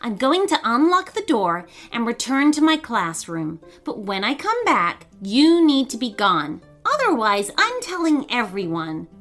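A woman's voice: fairly high pitch, big pitch swings, measured pace, hardly any pauses, fairly bright tone, soft background music. A woman voicing a brave young schoolgirl who speaks firmly and insistently. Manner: firm, insistent.

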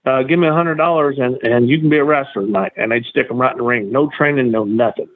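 A man, a guest telling stories in a drawling, animated way. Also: medium pitch, fast talker. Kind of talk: casual storytelling. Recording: tinny phone line, dry.

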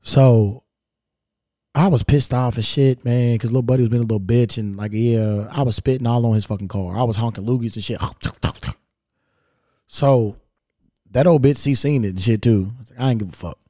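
Man, very deep mellow tone, dry close sound, profane rambling storyteller, podcast host. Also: normal speed, no echo. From Kentucky. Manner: profane, blunt, rambling recounting. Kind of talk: casual storytelling monologue.

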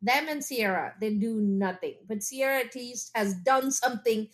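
A woman's voice: on the high side, moderate pace. A woman in a casual podcast chat who chimes in often, agreeing and laughing along. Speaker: podcast co-host.

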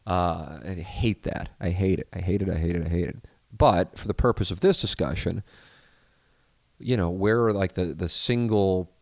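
With a low, darkish voice and vocal fry, a married man hosting a podcast talks at normal speed, meandering profanely through a listener's email with frequent restarts and asides. No echo is present.

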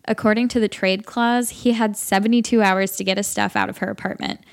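Deadpan woman audiobook narrator. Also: mid-range voice, fairly quick, gravelly. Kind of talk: audiobook narration of a comic short story.

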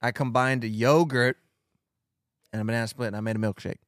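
A man's voice: medium pitch, steady tone, brisk, no room sound, studio quality. A man co-hosting a casual podcast chat, easygoing and a bit sheepish. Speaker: podcast co-host.

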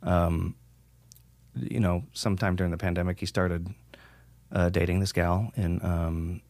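A man's voice: low voice, level tone, measured pace, a little mellow, no room sound. A man guest on a podcast, chatting casually and rambling, swearing freely and acting out the things people said. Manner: rambling, swears freely, acts out quoted remarks. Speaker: podcast guest, metal singer. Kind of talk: casual conversation.

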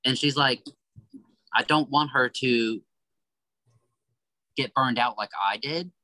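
A man's voice: mid-range voice, slow pace, pushed and bright, no echo, rough recording. A man guest, a psychic medium, giving a reading and earnestly relaying quoted messages. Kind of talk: giving a spiritual reading in conversation.

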